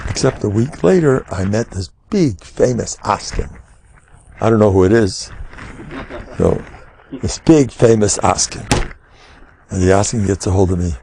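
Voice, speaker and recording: A man's voice: lowish voice, unhurried, gravelly, long pauses, slight background noise. An older man, a rabbi, giving a humorous Torah lecture, joking and acting out dialogues as he goes. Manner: animated, joking, acts out dialogues.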